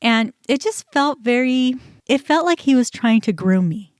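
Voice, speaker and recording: A woman's voice: on the high side, unhurried, no room sound. Candid woman telling a story, dry sound. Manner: candid, conversational, animated when recounting. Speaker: podcast host. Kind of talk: personal storytelling.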